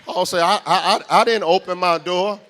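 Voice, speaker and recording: A man with a high, light voice delivers a church sermon. He repeats his lines, calls on the congregation to respond, and swings between quiet teaching and fervent, rising preaching. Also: fairly even intonation, normal speed. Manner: swings from hushed teaching to loud impassioned preaching. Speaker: pastor.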